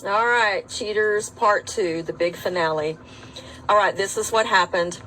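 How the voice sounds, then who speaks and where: A woman's voice: medium pitch, measured pace, a bit bright, a little hiss or hum, low-quality recording. A woman, a rideshare driver, tells her own story to camera in a matter-of-fact, defiant way.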